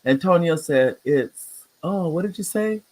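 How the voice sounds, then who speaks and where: A talkative older man in his sixties hosts his own live online show, his voice sitting a little higher than most men's. He rambles warmly through announcements and shout-outs, often restarting sentences. His voice jumps up with excitement when he greets someone. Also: a little slow. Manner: chatty and rambling, greets viewers by name with excited upswings. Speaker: talk show host. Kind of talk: livestream talk show chat.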